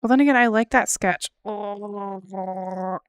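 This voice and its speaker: A young woman chats on her art stream while she draws, thinking out loud with fillers and small giggles. Her voice is smooth and clear at a middling pitch. The sound is dry and close. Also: moderate pace, no echo. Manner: chatty, giggly, thinks aloud with many fillers. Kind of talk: casual chat while drawing on stream.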